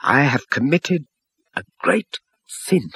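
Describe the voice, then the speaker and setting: A tormented man begs for mercy, his voice climbing and cracking as he pleads, voiced by a male storyteller. The tone is husky and close-miked with no room sound. It is a storybook figure full of fear and hope. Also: a little high, big pitch swings, slow pace, fairly bright tone, dry recording, pitched above the performer's own voice, full character voice. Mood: pleading. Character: distressed repentant man pleading.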